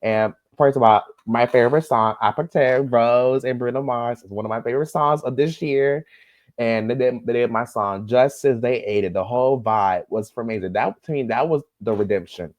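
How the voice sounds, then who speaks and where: A man in casual podcast chat, earnest and gushing, often halting and restarting as he talks. His voice sits at a middle pitch and sounds dry and close. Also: no room sound. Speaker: podcast co-host.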